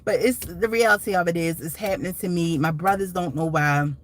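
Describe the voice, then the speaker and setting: A woman's voice: lowish voice, fairly quick. A woman hosting a casual live stream, talking in a rambling, emotional way with many restarts and asides.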